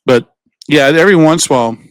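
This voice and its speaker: A man's voice: fairly high pitch, fast, dry recording. A man co-hosting a casual podcast, rambling through stories, acting out other people's lines, swearing and laughing often. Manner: rambling storyteller, acts out quoted voices, swears, laughs often. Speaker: podcast co-host. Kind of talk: casual chat.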